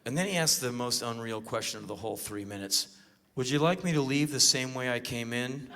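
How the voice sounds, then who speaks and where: A man in his forties from the United States telling a comic story live on stage in a loud, punchy way. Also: medium pitch, brisk, noisy background. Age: 40s. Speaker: spoken word performer.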